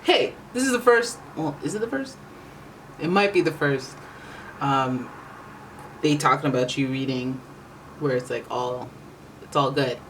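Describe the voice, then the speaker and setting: Rambling tarot reader, casual chat, middle pitch, faint hiss behind. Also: measured pace, pauses often, a bit bright, low-quality recording. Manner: rambling, chatty, self-correcting. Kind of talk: casual tarot reading monologue.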